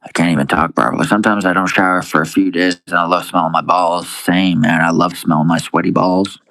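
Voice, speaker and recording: Young man, deep low voice, dry sound, casual livestream banter, profane, lazy drawl. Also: fairly even intonation, a little fast, gravelly, sharp tone, no echo, poor audio. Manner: laid-back, crude and profane, calls everyone dude. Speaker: live streamer. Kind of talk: casual livestream chat, reading and answering viewer comments.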